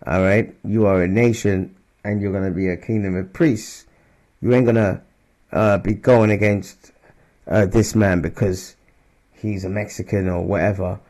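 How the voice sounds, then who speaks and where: A man's voice: lowish voice, steady tone, moderate pace, a little mellow. A man giving informal scripture teaching. He talks loosely and conversationally, keeps checking in with "all right?" and "man", and raises his voice when he reads verses aloud. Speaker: religious teacher.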